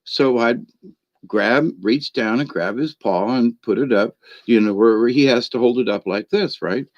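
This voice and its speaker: A man's voice: medium pitch, unhurried, no echo. A man hosting a spiritual channel, telling a meandering story at home by his computer, chuckling often and filling gaps with "you know.". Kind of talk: rambling casual storytelling monologue. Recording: dry, slightly dull lo-fi sound.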